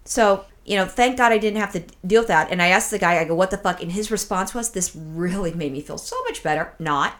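A woman co-hosting a podcast, telling a story in a casual, profane, excitable way and acting out her own reactions. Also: on the low side, fairly quick, few pauses. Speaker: podcast co-host.

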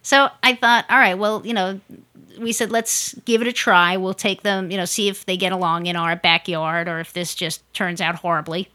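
A woman casually telling a story on a podcast, animated and acting out other people's lines. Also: lowish voice, normal speed. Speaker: podcast co-host.

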